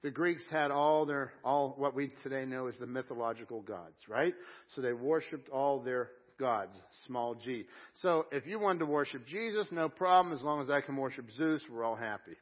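A man preaching a sermon at a live church service, earnest, slowing down to stress each scripture line. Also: medium pitch, lo-fi sound. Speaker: pastor.

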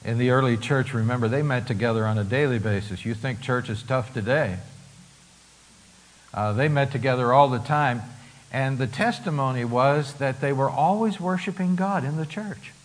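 A middle-aged male pastor preaching a sermon, who now and then slows into singing a hymn with the congregation. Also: mid-range voice, low-quality recording. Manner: unhurried preaching, breaks into slow hymn singing.

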